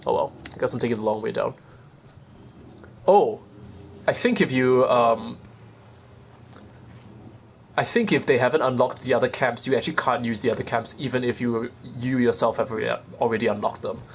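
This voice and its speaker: A man's voice: medium pitch, moderate pace, long pauses, a little hiss or hum. A man streaming a video game, rambling casually and chatting to viewers with self-deprecating asides. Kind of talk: casual gameplay commentary.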